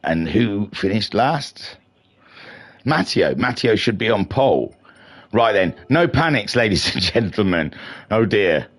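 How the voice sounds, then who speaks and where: Man, middle-aged stream host, low voice that jumps all over, chatty and self-mocking. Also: big pitch swings, a little slow. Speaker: league race stream host. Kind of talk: casual live-stream race commentary.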